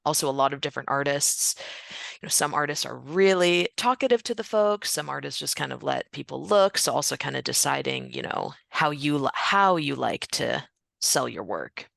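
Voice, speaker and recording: A woman's voice: deep voice, expressive, normal speed, vocal fry, fairly bright tone, dry recording, studio quality. A woman hosting an online panel discussion who reads out audience comments and chats casually with her guest over a video call. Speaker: webinar host.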